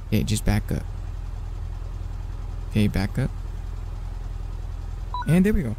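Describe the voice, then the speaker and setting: A young man giving live gameplay commentary as a streamer, excitable and flustered, talking to himself and repeating words over and over. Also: medium pitch, a little slow, long pauses, soft background music.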